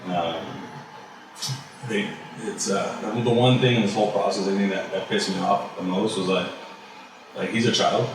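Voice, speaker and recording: A man's voice: low-pitched, fairly even intonation, normal speed, long pauses, noisy background. A man, a guest on an interview show, telling a personal story in a loose, casual way full of fillers and the odd swear word. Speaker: barbecue business owner, guest. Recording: very echoey room, voice far from mic.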